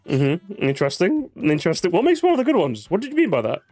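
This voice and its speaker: A man's voice: high voice, huge pitch swings, fast talker, a little mellow, dry recording, soft background music. A man with a British accent hosting a casual stream, playful and sarcastic, laughing often. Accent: British English. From Britain. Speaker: streamer host.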